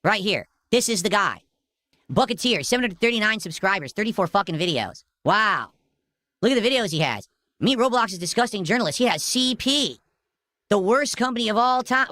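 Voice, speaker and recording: A man's voice: sits high, very animated, a little fast, sharp tone, no room sound. A man ranting heatedly on a livestream, profane and threatening. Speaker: streamer. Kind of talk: angry livestream rant.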